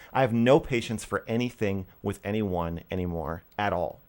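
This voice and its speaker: A man hosting a call-in stream, ranting in casual, exasperated talk that swears often, flaring loud and then dropping low. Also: moderate pace, hardly any pauses.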